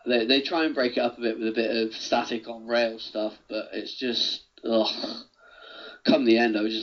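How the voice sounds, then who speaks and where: A man's voice: mid-range voice, steady tone, moderate pace. Male co-host, blunt and tired-sounding game reviewer, lo-fi audio. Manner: blunt, weary. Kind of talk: casual chat. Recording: dull lo-fi sound.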